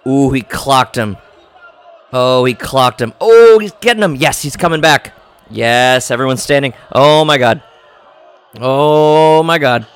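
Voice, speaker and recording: A podcast host giving live, jokey reaction commentary while watching a film, often exclaiming and gasping. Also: male voice, mid-range voice, lively intonation, measured pace, smooth, some chatter behind. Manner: jokey asides.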